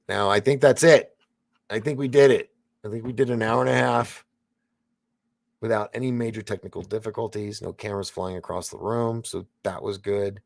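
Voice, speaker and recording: Brief: male livestream host, low gravelly voice, chatty and rambling, dry close sound. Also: dry recording. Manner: rambling, laughing, many fillers and restarts. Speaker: livestream host reading chat. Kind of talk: casual livestream chat.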